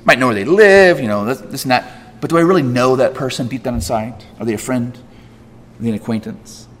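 Brisk and emphatic, the pastor fills his sermon with rhetorical questions, his voice climbing and dropping hard in pitch and loudness. The recording carries slight background noise plus the long reverb of a church sanctuary.

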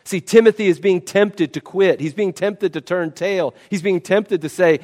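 Emphatic preacher in a reverberant hall. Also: male voice, high-pitched, moderate pace, hardly any pauses, darkish tone. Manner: emphatic, repeats key words. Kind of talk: sermon. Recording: long reverb of a large hall.

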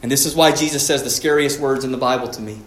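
A man, a pastor, preaching a sermon, rising to emphatic peaks and dropping quiet again. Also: medium pitch, fast talker, reverberant.

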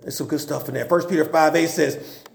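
A man preaching a sermon, telling Bible stories in a lively, folksy and humorous way. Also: fairly high pitch, a little fast, vocal fry, slight background noise. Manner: animated, folksy storytelling with humor. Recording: roomy echo.

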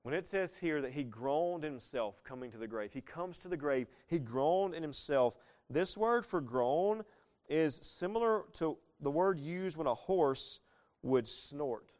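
Pastor, male, 30s; resonant, smooth voice; relaxed verse-by-verse sermon, casual and earnest, surging in emphasis. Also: a little high, a little slow.

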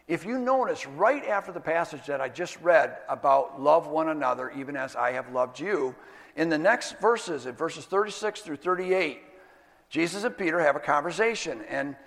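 A pastor giving an earnest sermon, stressing key words and slowing down to drive points home. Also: male voice, a little high, a bit bright, big-room sound. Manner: earnest, emphatic teaching with slowed stresses.

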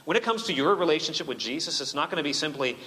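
Forceful preacher in a reverberant church. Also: male voice, fairly high pitch, lively intonation, rapid-fire. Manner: emphatic, asks rhetorical questions. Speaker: pastor. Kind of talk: sermon. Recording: long reverb of a church hall.

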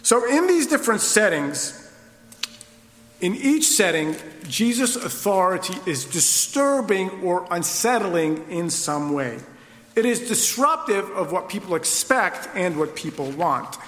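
A man with a high, bright voice preaches a sermon and works through his text with rhetorical questions. His words ring out through a large hall with a long, echoing reverb. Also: sing-song, measured pace. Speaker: pastor.

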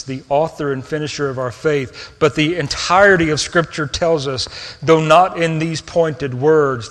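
A man preaching a sermon, earnest, moving between hushed tender passages and raised emphatic ones. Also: mid-range voice. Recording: long reverb of a hall.

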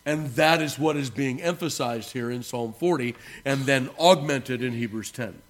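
During a church service, a male pastor preaches earnestly and emphatically to the congregation he calls beloved. Key words come out slowly, and his voice dips into soft low asides before rising again on certain phrases.

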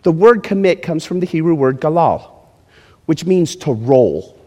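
A pastor delivers a sermon with an animated, conversational manner, slipping into little acted-out scenes and asking his listeners to join in. His voice sits a bit high for a man. It rings through a large reverberant hall. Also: a little slow. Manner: animated, acts out quotes, addresses congregation directly.

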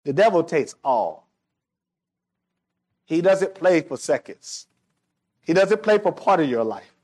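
A man preaching a sermon, reading scripture slowly and building to emphatic, repetitive fervor. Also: a little high, sing-song, a little mellow.

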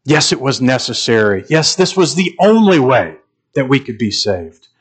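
A man preaching a sermon as a pastor, earnest and measured, pausing and repeating phrases, building to emphatic stretches. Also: mid-range voice, sing-song, husky.

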